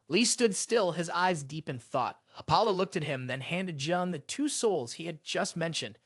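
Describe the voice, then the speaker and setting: Male recap narrator, dramatic scripted delivery; high, lively pitch. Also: normal speed, few pauses, slightly rough, dry recording, studio quality. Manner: dramatic storytelling.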